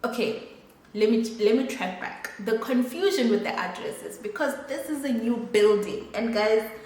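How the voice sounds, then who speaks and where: A woman's voice: fairly high pitch, lively intonation, moderate pace, a little mellow. Young adult woman, casual storytime vlog, chatty and exasperated, very echoey room. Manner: chatty, exasperated, addresses viewers directly. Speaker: vlogger.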